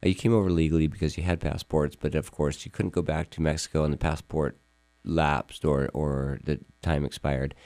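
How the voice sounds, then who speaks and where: Deep, dark-voiced radio host. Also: male voice, flat delivery, no echo. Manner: halting, many fillers and restarts. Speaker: radio show host and attorney. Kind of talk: conversational radio interview. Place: radio studio.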